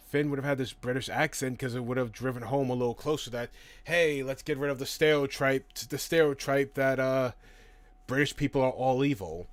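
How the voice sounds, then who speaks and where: A man's voice: medium pitch, no echo. A man hosting a casual live stream, reading out and answering chat questions in a chatty, profane way, laughing easily.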